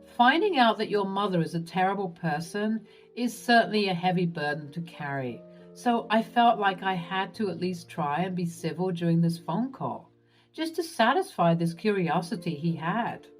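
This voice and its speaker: A woman narrating a first-person drama story in an expressive, dramatic storytelling manner. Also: on the low side, normal speed, faint music behind.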